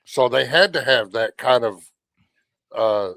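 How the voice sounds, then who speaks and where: A man on a gaming podcast calmly laying out his theory in casual talk. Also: medium pitch, unhurried, creaky, no room sound.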